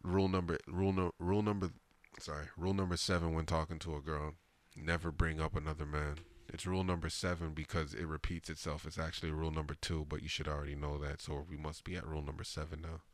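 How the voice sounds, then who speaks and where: Host type, very low voice, relaxed slangy chatter about records. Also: male voice, quick pace, no room sound. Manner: laid-back, slangy, hesitant fillers. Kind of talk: casual music chat.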